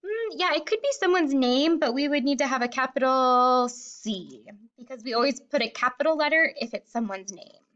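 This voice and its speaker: A woman's voice: sits high, expressive, normal speed, a bit bright, muffled recording. A woman teaching kindergarten children a phonics lesson, sounding out words one sound at a time.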